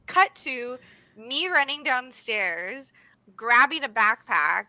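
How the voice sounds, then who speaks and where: Bright, bubbly young woman streamer. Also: high voice, sing-song, dry recording. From United States (grew up in Sacramento). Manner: bubbly, fast, laughing, says "oh my gosh" often. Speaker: livestream co-host. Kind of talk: casual chat.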